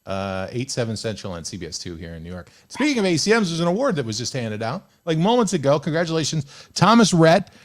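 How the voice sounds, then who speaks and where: Young male radio host, lively up-and-down delivery, slightly high voice, joking storyteller. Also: fast, hardly any pauses. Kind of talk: casual radio chat. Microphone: studio microphone.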